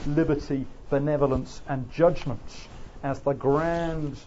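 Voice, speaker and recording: A man's voice: a little high, fairly even intonation, a little slow, dark tone, slight background noise. A man with an Oxford English accent giving a classroom lecture, hesitant and full of fillers. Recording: slightly muffled recording.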